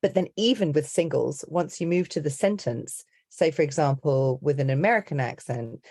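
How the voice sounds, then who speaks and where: A middle-aged woman who coaches accents and dialects explains her methods in a rambling, chatty podcast interview, leaning heavily on "you know, like." Her low, mellow voice has lively intonation, moves at normal speed and hardly pauses.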